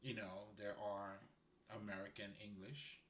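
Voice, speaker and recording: A man's voice: on the low side, flat delivery, unhurried, a bit bright, slight background noise. A man from Haiti giving casual spiritual guidance, rambling and laughing often as he talks. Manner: laid-back, rambling, frequent laughter. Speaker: spiritual guide. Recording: roomy echo.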